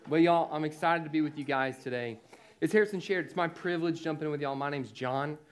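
A man giving a youth sermon, who talks lively and often asks the young audience "right?". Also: fairly high pitch, fast, clean tone. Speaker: youth speaker.

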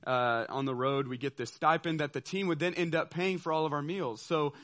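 A man telling a personal story to an audience, animated and laughing, often checking in with listeners. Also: fairly high pitch, a little fast. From southeastern United States. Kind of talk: storytelling talk.

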